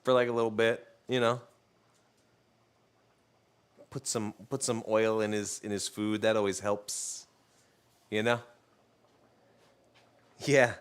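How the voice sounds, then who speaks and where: Speaking smoothly in a fairly low, level voice, this cooking streamer keeps a measured pace with long pauses. While cooking on a live stream, he chats casually with viewers, tells jokey stories, and teases his dog like a loose, joking storyteller.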